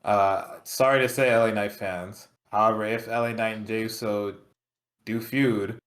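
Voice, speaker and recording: Low-voiced man musing on wrestling. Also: steady tone, normal speed, fairly bright tone. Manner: laid-back, profane, musing. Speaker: podcast co-host. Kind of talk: casual wrestling chat.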